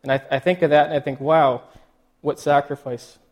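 A male pastor giving a sermon, emotional and choked up, halting with many restarts and fillers. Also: fairly high pitch, flat delivery, highs cut off.

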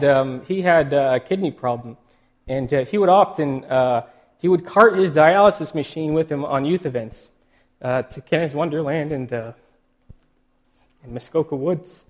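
A male pastor giving a sermon, emotional and choked up, halting with many restarts and fillers. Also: on the high side.

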